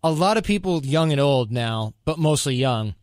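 A male podcast host talking casually, handing out advice in an animated way and acting out quotes. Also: fairly high pitch, normal speed, dry recording. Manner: animated, advice-giving, mock-quoting himself.

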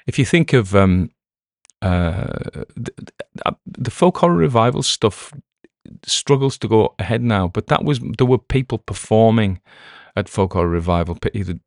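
A man with a deep, low voice chats casually as a podcast host. He rambles a little and corrects himself mid-sentence. The sound is close and dry, with no room around it. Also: expressive, moderate pace, no room sound. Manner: rambling, self-correcting, chatty. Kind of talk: casual chat.

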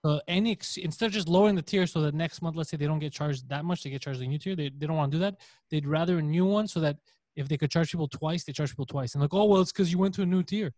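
A man's voice: a little high, fast talker, darkish tone, no room sound. A man in a casual podcast chat, talking in scattered bursts with casual swearing. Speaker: comedian podcast host.

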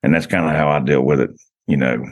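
A man's voice: rumbling low, steady tone, fast talker. A man telling long rambling stories as a podcast guest, full of restarts and "you know.". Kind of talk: casual podcast chat.

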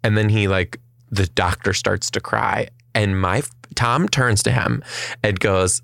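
A man casually telling a story on a chat podcast, animated and fast, swearing and acting out the people in it. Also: fairly low pitch, gravelly, no room sound, clean studio sound.

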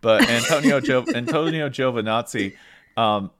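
Man, podcast co-host, casual chat, joking, rambling, restarts a lot, mid-pitched voice. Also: big pitch swings, normal speed, fairly bright tone.

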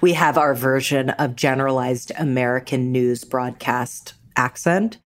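A woman being interviewed on a podcast, talking in a lively, animated way. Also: very deep voice, unhurried. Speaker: interview guest. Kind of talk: conversational interview.

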